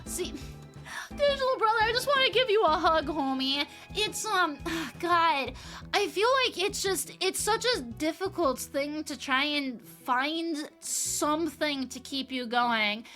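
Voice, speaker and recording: Bright, high-voiced woman streamer. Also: slow pace, soft background music. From Upper Peninsula of Michigan, US. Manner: animated, swearing, reads chat aloud and answers it. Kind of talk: casual livestream chat with viewers.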